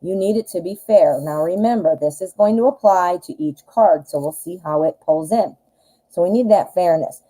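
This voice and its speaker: Chatty Midwestern American woman, mellow voice. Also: on the low side, normal speed, low-quality recording. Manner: chatty, rambling, self-deprecating. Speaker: tarot reader. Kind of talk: live-stream tarot reading.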